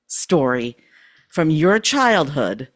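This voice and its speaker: A woman's voice: low voice, very animated, slow pace. Upbeat woman hosting a podcast. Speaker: podcast host. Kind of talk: podcast interview.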